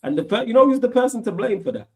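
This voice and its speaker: A man's voice: very high voice, very animated, racing, husky. A man hosting a live online chat, bantering and laughing with slang. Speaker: host. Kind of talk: casual live stream chat.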